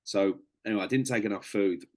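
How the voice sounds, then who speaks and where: A man's voice: fairly low pitch, quick pace. A man, a podcast guest, telling a casual story in a chatty way, swearing and calling the host "mate".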